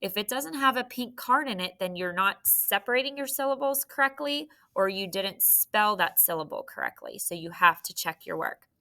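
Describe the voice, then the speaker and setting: A young woman teaching phonics to a third grade class, slow and encouraging, spelling words out letter by letter. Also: mid-range voice, lively intonation, sharp tone. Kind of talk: phonics lesson to young students.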